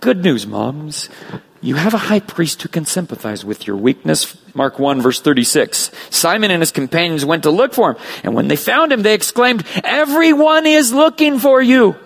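A middle-aged man preaching a sermon as pastor, lively and dramatic, with a gravelly, husky voice. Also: on the high side, normal speed. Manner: animated preaching with acted voices of children.

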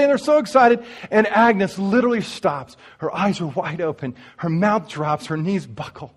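Guy preaching a sermon, husky and kinda high, animated storytelling. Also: normal speed. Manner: animated storyteller speaking straight to the congregation. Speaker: pastor.

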